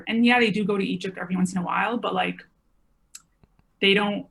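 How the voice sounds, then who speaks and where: Twenties woman guest, mid-pitched voice, rambling thoughtful chat. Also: steady tone, a little fast, gravelly, fairly bright tone. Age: 20s. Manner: thoughtful, rambling, many filler words. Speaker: podcast guest. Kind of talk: casual podcast chat.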